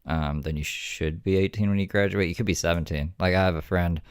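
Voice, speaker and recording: A man's voice: deep voice, fairly even intonation, fairly quick, smooth, no room sound, clean studio sound. A young man hosting a stream, talking to his chat in a blunt, laid-back way and swearing freely. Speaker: streamer and host.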